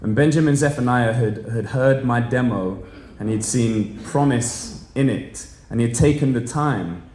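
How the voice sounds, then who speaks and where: A man's voice: medium pitch, a little slow, roomy sound, a little hiss or hum. A man in his thirties from the Channel Islands, a spoken word poet telling a story at a live library event and acting out quoted dialogue with energy. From Channel Islands, Jersey. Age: 30s. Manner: lively storyteller who acts out quoted dialogue. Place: public library event room.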